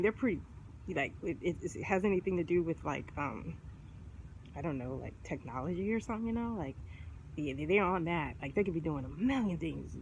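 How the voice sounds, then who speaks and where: A middle-aged woman vlogger chatting casually, rambling in slangy talk and laughing often. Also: medium pitch. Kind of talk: casual chat. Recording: noisy background ambience.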